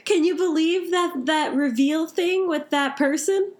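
A woman's voice: very high-pitched, unhurried. A young woman co-hosting a casual anime chat, gushing and filling her talk with "like". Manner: gushing, heavy use of "like". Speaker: podcast co-host.

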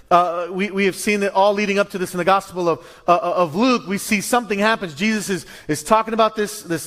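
Guy preaching, high-pitched, tells the story with lots of restarts and little acted voices. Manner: animated storytelling, acts out voices, many restarts. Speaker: pastor. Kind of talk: sermon.

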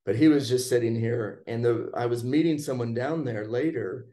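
A man casually telling a personal story in conversation, relaxed and chatty, acting out what people said. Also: medium pitch, normal speed. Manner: relaxed, chatty, acts out quoted lines.

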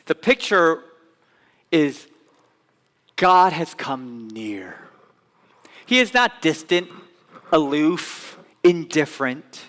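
Animated preacher in a reverberant hall. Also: male voice, a little high, extremely slow, long pauses. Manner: animated, swings from loud emphatic to soft hushed. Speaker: pastor. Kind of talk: sermon. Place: church sanctuary.

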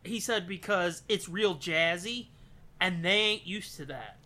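High bright-voiced joking man. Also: a little slow. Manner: joking, profane, laughs often. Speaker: podcast co-host. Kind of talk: casual movie commentary.

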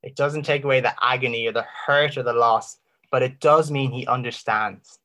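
A man giving an impassioned Christian apologetics talk, full of rhetorical questions and dramatic pauses. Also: medium pitch, steady tone, bright, forceful tone. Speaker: Christian speaker.

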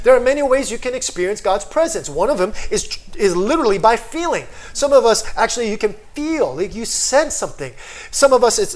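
A pastor preaching a sermon, often checking in with the congregation with "amen?" and "right?", moving between quiet low stretches and loud, high emphatic bursts.

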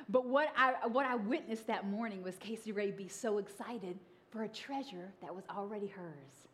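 This woman pastor, in her thirties, speaks at a normal speed with a medium pitch and hardly pauses, against slight background noise. She tells humorous stories in her sermon, performing the voices with lively energy.

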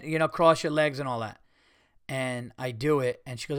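A man hosting a podcast, telling a story in a casual, animated way, swearing freely and acting out what people said. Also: mid-range voice, brisk, clear, resonant tone, no room sound, studio quality. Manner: animated, profane, retells scenes with quoted voices. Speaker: podcast host.

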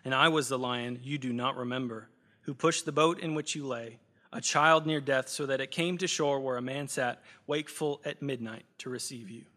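A pastor reading aloud as a great solemn male lion in a story during a sermon, speaking in grave, measured declarations. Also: mid-range voice, steady tone, bright, forceful tone, close to an everyday voice.

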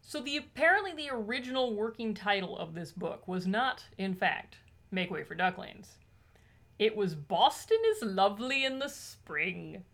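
A woman's voice: medium pitch, animated, normal speed, a bit bright. A woman co-hosting a casual book podcast, wry and bookish, with dry jokes. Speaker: podcast co-host discussing a picture book. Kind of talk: casual chat.

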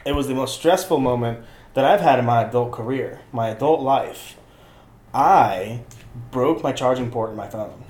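A young man co-hosting a casual podcast, telling animated stories full of swearing and acted-out quotes. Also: mid-range voice, moderate pace, reverberant. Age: young adult. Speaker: podcast co-host. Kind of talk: casual chat.

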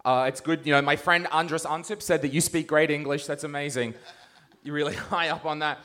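A man's voice: a little high, steady tone, brisk, pushed and bright. A man doing live stand-up on a comedy stage, roasting people in the audience with crude, mocking banter.

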